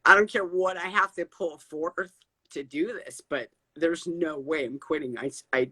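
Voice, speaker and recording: A woman speaks as a guest over a video call, telling her personal story with feeling and often circling back to repeat a phrase. Her voice is bright and forward. The sound is dry, with no room around it. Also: low voice, normal speed, husky, no echo, poor audio. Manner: tearful, repeats phrases when moved. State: crying. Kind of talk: emotional personal testimony.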